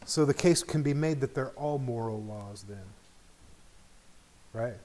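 A man's voice: mid-range voice, unhurried, dark tone. A middle-aged man teaching an informal Bible study in a conversational way, often checking in with the group.

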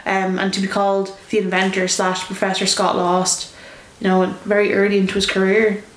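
A woman co-hosting a casual wrestling podcast, animated and playful, often laughing. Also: mid-range voice, normal speed. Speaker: podcast co-host. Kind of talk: casual chat. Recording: echoey room, faint noise.

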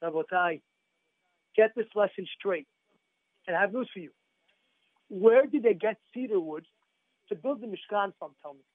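A man preaches with a very high voice and an urgent, emphatic delivery, asking his listeners question after question. The sound is thin and phone-like, and dry with no room echo. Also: normal speed, long pauses. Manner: emphatic, repeats phrases, asks the audience questions. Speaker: rabbi giving a Torah class. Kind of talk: sermon.

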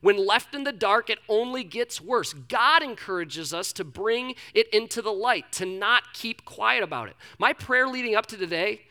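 Young male pastor, high bright voice, candid sermon storytelling. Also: lively intonation, normal speed, few pauses. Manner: candid, self-deprecating storytelling with many restarts.

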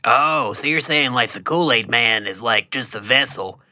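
Very bright-voiced man, deadpan. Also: medium pitch, normal speed, dry recording. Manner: deadpan, matter-of-fact about absurd ideas. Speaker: podcast co-host. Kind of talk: casual comedic chat.

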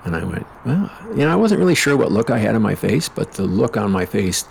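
A middle-aged man with a very low, gravelly voice rambles through a podcast story. He swears freely and wanders into sarcastic asides. Faint noise sits behind him. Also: sing-song, a little fast. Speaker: podcast host. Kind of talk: casual storytelling monologue.

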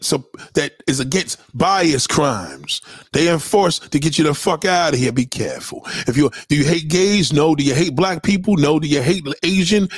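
A man's voice: a little high, slightly rough, no echo, clean studio sound. A man hosting a casual livestream, reading viewer comments and ranting bluntly with lots of profanity. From New York. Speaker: livestream host.

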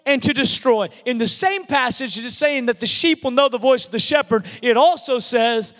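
A man's voice: very high-pitched, moderate pace, fairly bright tone. A man preaching a sermon, emphatic and given to repeating words as he builds a point. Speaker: pastor. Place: large church hall. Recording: long hall reverb.

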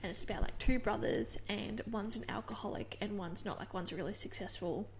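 A woman co-hosting a book podcast, chatting in a relaxed, filler-heavy way. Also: mid-range voice, fairly quick, creaky, slight background noise. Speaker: podcast co-host. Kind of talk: casual book-review chat.

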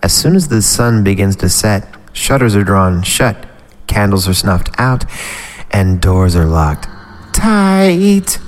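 A man's voice: fairly low pitch, sing-song, slow pace. A male podcast host reading a horror story aloud, breaking off into rambling, irreverent comic asides.

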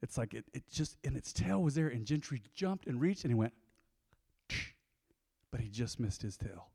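Animated man preaching in a church. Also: medium pitch, a little fast, creaky, breathy edge. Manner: animated storyteller, acts out scenes. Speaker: pastor. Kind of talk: sermon with personal anecdotes. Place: church sanctuary. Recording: long church hall reverb.

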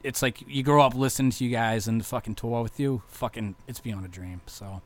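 Brief profane young metal bassist. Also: male voice, steady tone, fairly quick, no room sound. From Massachusetts. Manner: profane, rambling, heartfelt, lots of fillers. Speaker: touring metal bass player. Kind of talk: casual vlog thank-you message.

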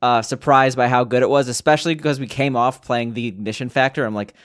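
A young man co-hosting a casual gaming podcast, talking in an animated, rambling way with many restarts and fillers. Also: medium pitch, quick pace. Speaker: podcast co-host. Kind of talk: casual chat.

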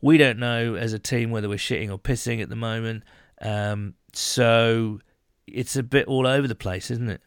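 A man's voice: medium pitch, steady tone, moderate pace, smooth, no room sound, studio quality. A man co-hosting a casual sports podcast, rambling with lots of fillers and restarts. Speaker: podcast co-host.

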